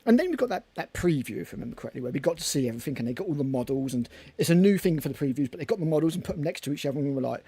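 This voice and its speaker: A man's voice: a little high, lively intonation, very fast, hardly any pauses, warm tone, husky, no echo. A man co-hosting a casual hobby podcast, rambling and chatty with casual swearing. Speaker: podcast co-host. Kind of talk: casual chat.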